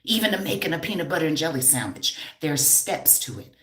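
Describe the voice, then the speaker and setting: A woman streams live from her home, teasing and calling out to viewers in a loud, playful way. Her voice is low for a woman but bright and forceful, and the room around her rings with echo. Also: sing-song, a little fast. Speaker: hair stylist and educator. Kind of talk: casual live stream talk.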